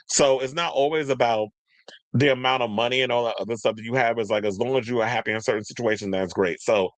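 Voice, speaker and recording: A man's voice: medium pitch, fairly even intonation, fast talker, no echo. Man, casual commentator, blunt and rambling, dry close sound.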